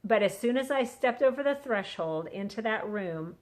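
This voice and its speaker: A woman's voice: mid-range voice, lively intonation, normal speed. A middle-aged woman talking earnestly into a phone on a selfie stick, sharing a casual Christian encouragement. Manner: chatty, earnest, acts out quotes. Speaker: vlogger sharing a devotional.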